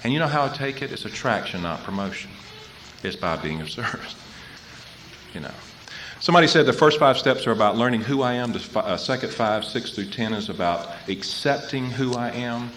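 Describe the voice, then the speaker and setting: A man's voice: medium pitch, lively intonation, fairly quick, a bit bright. Male recovery speaker with a mid-range voice on a hall microphone, some faint hiss behind. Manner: storytelling, repeating phrases for weight. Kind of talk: personal recovery talk. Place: convention hall.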